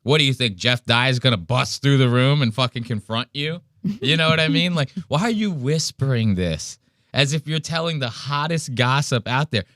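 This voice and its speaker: A man hosting a podcast, mocking a clip with profane, animated reaction commentary. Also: mid-range voice, moderate pace, no room sound, clean studio sound. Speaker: podcast host.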